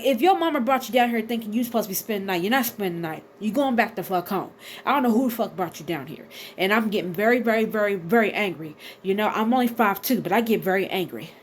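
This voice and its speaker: A woman in her thirties telling a storytime to her viewers in a casual, animated, profane way. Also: on the high side, slight background noise. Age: 30s. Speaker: vlogger.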